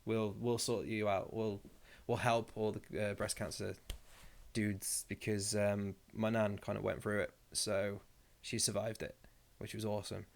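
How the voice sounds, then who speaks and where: A man's voice: lowish voice, little pitch movement, measured pace, gravelly. A young man hosting a casual live stream. He reads viewer comments aloud and rambles through his replies with jokey asides.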